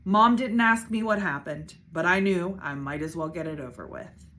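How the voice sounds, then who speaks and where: A woman, a school principal, reading a children's book aloud with expressive narration. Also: fairly low pitch, normal speed. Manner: expressive, shifting voices for characters.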